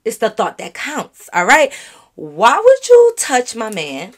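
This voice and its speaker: A woman vlogger telling a story straight to her viewers in an animated, profane, casual way. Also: a little high, slow pace.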